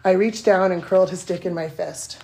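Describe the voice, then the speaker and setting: A woman with a breathy voice reading erotic fiction aloud, a bit self-conscious. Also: lowish voice, steady tone, brisk, warm tone. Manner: self-conscious, giggly between passages. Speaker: guest reader.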